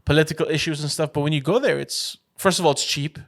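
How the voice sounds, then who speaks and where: A man's voice: a little high, fast. A man co-hosting a podcast in casual chat, teasing his friend and rambling with plenty of restarts. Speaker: podcast co-host.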